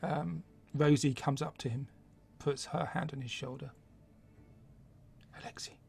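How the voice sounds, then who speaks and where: A man narrating a tabletop game as game master, in a slow, hushed storytelling manner. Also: on the high side, fairly even intonation, creaky.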